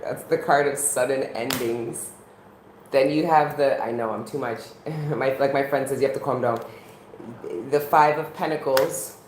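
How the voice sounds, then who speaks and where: A woman's voice: rumbling low, a little mellow. A woman doing a casual tarot reading, talking bluntly with plenty of swearing and frequent laughs. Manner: blunt, profane, laughs often. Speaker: tarot reader. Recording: roomy echo, faint background noise.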